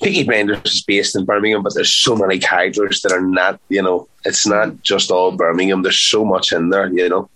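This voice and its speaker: A man's voice: low voice, level tone, brisk, few pauses, pushed and bright, low-quality recording. A man, an actor, chatting in an interview, playful and talkative, repeating words for emphasis. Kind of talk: casual interview chat.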